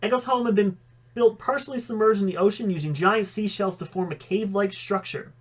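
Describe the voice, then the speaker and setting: A man's voice: high voice, a little fast, husky. A man reading a fan story aloud, with occasional slips that he corrects. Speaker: audiobook reader.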